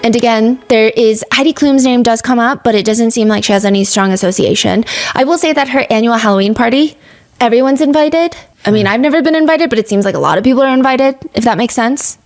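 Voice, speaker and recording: A woman's voice: a little high, quick pace. Chatty woman hosting a crime podcast. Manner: chatty, with fillers and side remarks. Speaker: podcast host. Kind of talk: casual true-crime storytelling.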